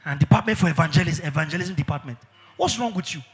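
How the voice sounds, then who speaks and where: High, lively-voiced preacher man in a hall. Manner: emphatic preaching with sudden shouts and drawn-out words. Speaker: pastor. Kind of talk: sermon.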